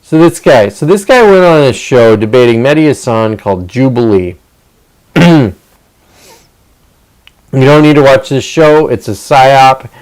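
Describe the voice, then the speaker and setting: A man's voice: medium pitch, lively intonation, measured pace, pauses often, darkish tone, clear, resonant tone, poor audio. A man hosting a livestream, ranting casually with profanity, rambling asides and sarcastic mock quotes. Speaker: streamer host.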